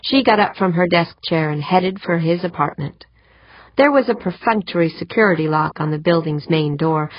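A woman narrates a novel in a low, husky voice with steady, even pacing. The recording is dry and dull, close to the mic with no room sound. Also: no room sound. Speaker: audiobook narrator. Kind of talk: scripted narration. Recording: dull muffled audiobook recording.

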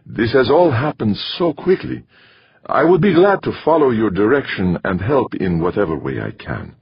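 A man with a low, husky voice voicing a gracious older priest who speaks in a measured, formal way, in a dull lo-fi recording. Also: very animated, dry recording, heavily acted. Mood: courteous.

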